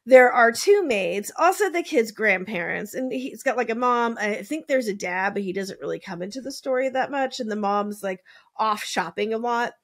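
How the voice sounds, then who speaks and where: A woman's voice: fairly high pitch, expressive, moderate pace. A woman host telling a true-crime story in a casual, chatty way, full of "like" and wry asides, now and then swearing. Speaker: podcast host.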